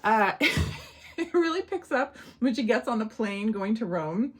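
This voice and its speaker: A woman talking through a film review in a casual vlog. Her voice sits fairly high and swings widely in pitch as she chats, laughs and acts out snippets of dialogue. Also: measured pace, breathy edge. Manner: animated, chatty, laughs often, acts out quotes.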